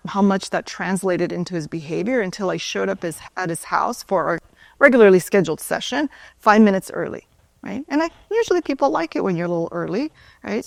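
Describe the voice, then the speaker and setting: A woman's voice: mid-range voice, gravelly, no echo. A woman speaker, once a yoga and Pilates teacher, telling stories in a loose conversational way and often asking "right?". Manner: conversational, tags sentences with "right?". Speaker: conference speaker, former yoga and Pilates instructor. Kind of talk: storytelling talk.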